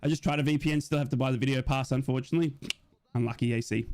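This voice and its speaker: A man's voice: mid-range voice, steady tone, very fast, darkish tone. A young man with a chatty manner, hosting a live football watch-along and talking straight to viewers in chat.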